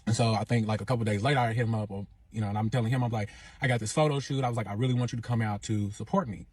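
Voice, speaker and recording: A man's voice: on the low side, very fast, slightly rough, dry recording. A young man, casually telling a personal story, acting out the other people's lines and swearing a lot. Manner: animated, acts out quoted voices, slangy, swears a lot. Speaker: storytime podcast host.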